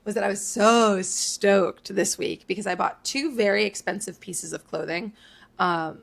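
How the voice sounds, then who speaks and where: A woman in her late twenties talks in a casual podcast chat. Her voice has a noticeable creaky, gravelly edge at a medium pitch. She rambles through her stories and leans heavily on fillers. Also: measured pace. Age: late 20s. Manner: rambling, filler-heavy storytelling. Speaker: podcast co-host.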